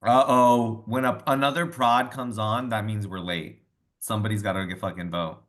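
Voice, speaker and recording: A man's voice: fairly low pitch, steady tone, moderate pace, fairly bright tone. A man on a group call, a contestant in an online game, joking and playful in casual banter.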